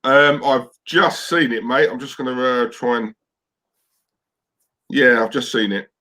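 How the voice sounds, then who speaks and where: A man with a mid-pitched voice chats casually as a co-host on a football stream. He is easygoing and keeps chiming in to agree. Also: bright, forceful tone. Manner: easygoing, quick agreeing interjections. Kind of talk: casual football fan chat.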